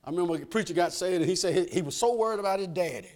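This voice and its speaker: Speaking very fast in a high-pitched voice, a male pastor gives a folksy sermon. He moves from hushed remarks to loud proclamations, asks the congregation for amens and shares laughs with them.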